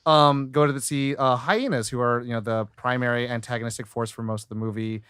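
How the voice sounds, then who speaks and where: A man co-hosting a podcast, casually recapping a film in a rambling, slangy way with quick character impressions. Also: medium pitch, steady tone, a bit bright, clean tone, no echo, clean studio sound. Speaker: podcast co-host.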